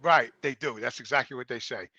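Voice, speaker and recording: A man hosting a casual podcast chat, an animated storyteller who repeats words when he gets excited, recorded close and dry. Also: mid-range voice, brisk, breathy edge, dry recording, highs cut off. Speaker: show host.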